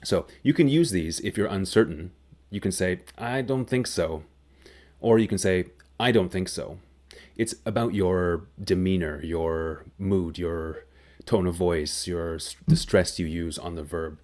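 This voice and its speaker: A man teaching a grammar lesson, explaining slowly and clearly. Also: sits low, a little mellow. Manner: slow, clear, deliberate explanation. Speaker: English teacher.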